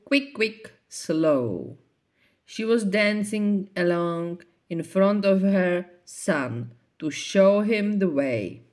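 A woman reading a children's picture book aloud as a storyteller, in a slow, expressive way. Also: mid-range voice.

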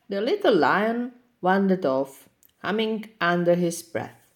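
A woman reading a children's picture book aloud in an expressive, gentle read-aloud manner. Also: on the low side, slow. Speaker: storyteller.

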